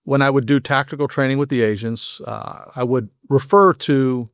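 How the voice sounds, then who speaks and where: Fast-talking man explaining police tactics. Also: medium pitch, fairly even intonation, clean tone, no room sound, clean studio sound. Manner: fast, rambling explanations full of restarts. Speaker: guest, former SWAT operator and FBI agent. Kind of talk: podcast interview storytelling.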